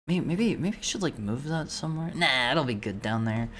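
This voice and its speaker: A woman's voice: a bass voice, lively intonation, moderate pace, fairly bright tone, slight background noise. A young woman streamer chatting casually while playing a game, rambling and often stumbling over and repeating her words. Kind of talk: casual let's-play commentary.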